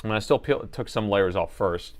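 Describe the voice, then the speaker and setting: Speaking at a normal speed in a fairly low voice, a man runs a laptop repair livestream, casually talking to his viewers and laughing a lot as he works on the repair.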